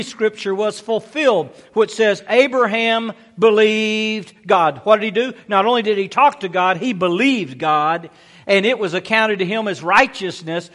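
A man's voice: high voice, a bit bright, big-room sound. A male pastor preaching a sermon, exhorting his listeners with rhetorical questions and frequent "amen" calls.

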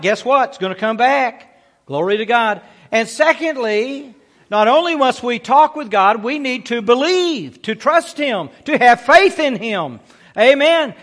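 A man's voice: extremely high pitch, a bit bright, big-room sound. A male pastor preaching a sermon, exhorting his listeners with rhetorical questions and frequent "amen" calls.

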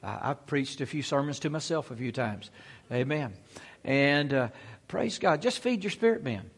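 A male pastor preaches a folksy sermon in a church, peppering his talk with amens and praise Gods. His voice is medium-pitched and animated, at normal speed.

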